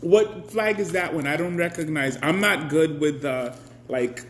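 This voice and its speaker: A man's voice: a little high, measured pace, a bit bright, a little hiss or hum. A man hosting a casual live stream, chatty, greeting viewers by name and laughing often.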